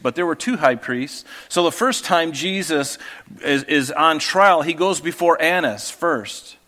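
Pastor, male, slightly high voice, chatty explanatory sermon delivery, long reverb of a church hall. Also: a bit bright. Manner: conversational, explanatory teaching with rhetorical asides.

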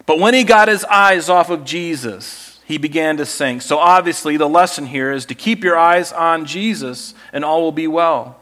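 Male pastor, slightly high voice; chatty, animated storytelling sermon delivery. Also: normal speed, few pauses. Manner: conversational, animated storytelling preacher.

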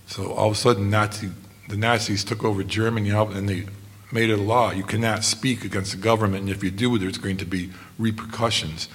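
A man preaching a sermon in an earnest, measured way. He slows down for quoted passages. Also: on the low side, steady tone, fairly bright tone.

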